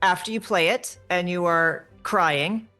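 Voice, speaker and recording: A woman co-hosting a casual chat, chiming in with quick asides. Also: lowish voice, sharp tone, faint music behind. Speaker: co-host.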